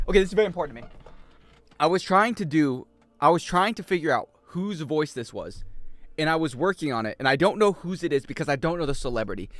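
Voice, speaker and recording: A male game streamer who rambles and cracks jokes to his chat. His voice sits a little high and swings around a lot. Faint music plays underneath. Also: expressive, fast talker, a bit bright, no echo. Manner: rambling, joking, talks to chat. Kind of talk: casual game-stream chatter.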